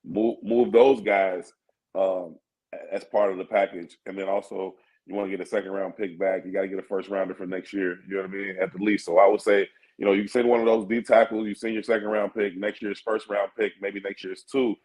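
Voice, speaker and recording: A man's voice: deep voice, little pitch movement, a little fast, darkish tone, low-quality recording. A man co-hosting sports radio, laid-back and thinking aloud with plenty of fillers. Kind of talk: casual sports talk.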